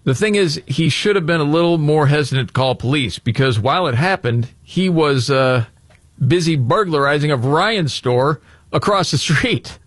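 A man's voice: fairly high pitch, moderate pace, no room sound, clean studio sound. A man co-hosting a radio show in casual banter, telling stories with acted-out quotes. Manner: animated, acts out quotes in the stories he tells.

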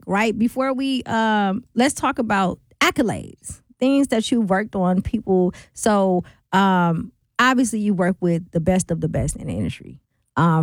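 Lively woman radio host. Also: mid-range voice, no room sound, studio quality. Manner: warm, upbeat, laughs readily. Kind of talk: casual radio interview. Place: radio studio.

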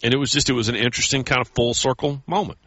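A man's voice: medium pitch, racing, no echo. Chatty storytelling man, dull dry sound. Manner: storytelling, animated quoted voices. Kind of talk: casual chat.

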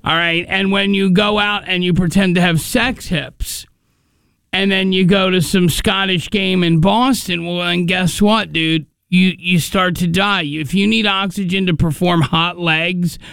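A man's voice: high voice, creaky, fairly bright tone, smooth, no echo. A man co-hosting a casual comedy chat show, ranting in mock outrage and repeating himself. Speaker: co-host.

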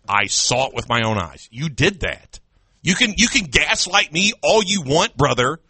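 Male sports radio host, sarcastic and mocking, bright lively voice, dry close mic. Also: a little high, slightly rough, dry recording. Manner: sarcastic, mocking, mimics fans in raised voice. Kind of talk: sports talk radio rant.

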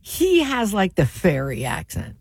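Woman co-host, animated, opinionated, casual talk, middle pitch. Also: unhurried, husky, dry recording. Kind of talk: casual chat.

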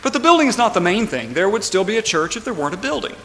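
Emphatic high-voiced preacher in a reverberant hall. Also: male voice, sing-song, very fast. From United States. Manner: emphatic, rising to loud climaxes, asks "right?" often. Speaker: pastor. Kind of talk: sermon. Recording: long church reverb, faint room noise.

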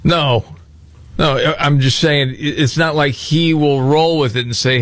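A man's voice: fairly high pitch, fairly even intonation, a little slow, fairly bright tone, no echo. A man hosting a talk radio show, teasing and upbeat, losing his voice. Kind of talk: casual chat.

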